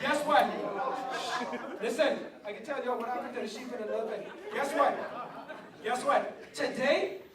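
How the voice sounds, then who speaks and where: Woman, youth preacher, animated storyteller, high voice, recorded from afar in an echoey hall with a crowd. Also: moderate pace, distant mic. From Bahamas. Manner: animated, calls on the audience, acts out roars. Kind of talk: lively sermon storytelling. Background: crowd of young listeners.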